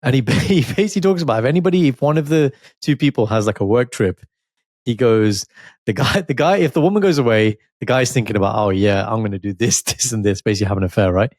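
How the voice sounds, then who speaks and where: A man co-hosting a podcast, telling stories in an animated, casual way and laughing as he goes. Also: medium pitch, fast, dry recording, clean studio sound. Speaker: podcast co-host. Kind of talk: casual chat.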